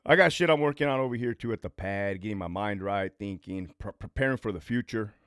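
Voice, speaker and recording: A man's voice: on the low side, brisk, fairly bright tone, smooth, no room sound, studio quality. A man in his forties, a former prison lieutenant, telling stories on a casual livestream in a blunt, profane way with lots of repetition. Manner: profane, blunt, emphatic with repeated phrases. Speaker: former prison lieutenant turned online host.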